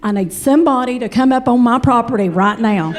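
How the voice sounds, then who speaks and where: Excitable toothless backwoods woman, hurried and insistent, high voice, as a comedian puts her on. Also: some chatter behind. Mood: urgent. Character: toothless rural woman around forty, excitable.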